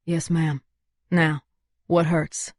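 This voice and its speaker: A woman voicing a calm, matter-of-fact male paramedic, slightly lowered. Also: drawn-out words, no echo, studio quality, exaggerated voice.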